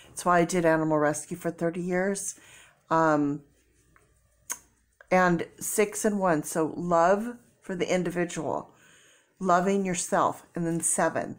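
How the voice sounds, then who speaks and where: A tearful middle-aged woman talks through a tarot reading in a slightly low voice. She thinks aloud and breaks into soft exclamations as the cards come up. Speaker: tarot reader. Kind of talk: casual tarot reading to camera.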